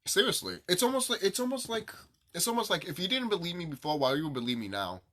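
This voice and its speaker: A man's voice: sits high, sing-song, fast talker, pushed and bright. A man vlogging to camera in a rambling, profane monologue, repeating himself and ranting, his sinuses stuffed up.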